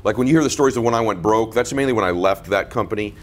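A man's voice: fairly low pitch, racing, a little hiss or hum. A middle-aged man telling his business story in a casual interview, blunt and emphatic, repeating his points and laughing through his anecdotes.

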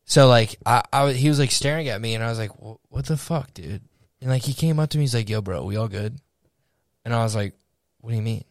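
A man's voice: medium pitch, fast talker, dry recording, studio quality. A young man co-hosting a podcast, telling a story in casual chat, swearing and acting out what people said. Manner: animated storyteller, swearing, acts out quotes. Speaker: podcast co-host.

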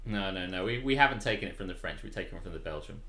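A man's voice: deep voice, lively intonation, rapid-fire, sharp tone, roomy sound. A British man co-hosting a podcast, chatting casually, rambling through stories and laughing often. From Britain. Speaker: podcast co-host. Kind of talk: casual chat.

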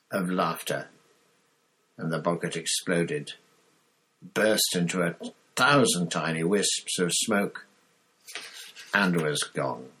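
A man reading a story aloud as narrator, in a measured, deliberate way. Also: deep voice, a bit bright, husky, low-quality recording. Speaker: audiobook narrator.

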